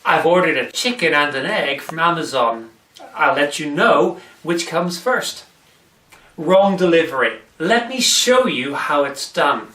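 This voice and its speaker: Recorded off mic in an echoey room, a man presents a comic church devotional video in a fairly high, sharp, expressive voice at a measured pace. He tells jokes and answers himself as a weary skeptic, playing both roles.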